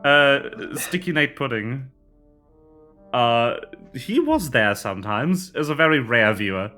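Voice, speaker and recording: A man's voice: mid-range voice, very animated, unhurried, pushed and bright, soft background music. A man chatting casually and laughing often as game master before a tabletop game from a home streaming setup.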